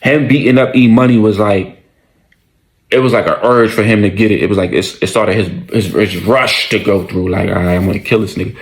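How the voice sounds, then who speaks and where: A man casually telling a story, slangy and conversational, with animated retelling. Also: fairly low pitch, moderate pace, poor audio.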